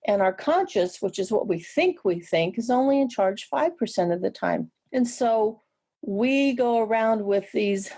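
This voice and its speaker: A middle-aged woman, a counselor guesting on an interview show, telling stories in a reflective, easygoing way with many restarts and soft laughs. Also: mid-range voice, unhurried. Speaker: guest, energy psychology counselor. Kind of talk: casual interview storytelling.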